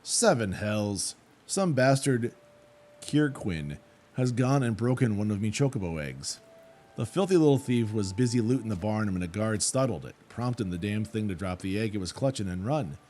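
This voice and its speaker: A man reading out a gruff, rustic woman who runs a chocobo ranch in a fantasy game, with blunt folksy speech. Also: lowish voice, sing-song, moderate pace, a little mellow, full character voice. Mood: indignant.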